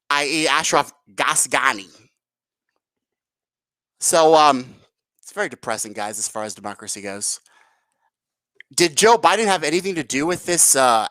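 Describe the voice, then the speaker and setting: A man's voice: on the high side, bright, forceful tone, no echo. Sarcastic, swearing political vlogger man. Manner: sarcastic, profane, rambling. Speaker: political commentary host. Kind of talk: rambling live-stream commentary.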